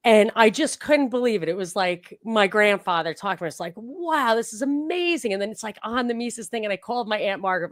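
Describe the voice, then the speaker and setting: A middle-aged woman hosts a casual interview and tells stories animatedly, with plenty of "like" fillers. Her voice sits at a middle pitch for a woman and sounds dry and close, with no room around it. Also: no echo. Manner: animated storytelling with many "like" fillers. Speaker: podcast host.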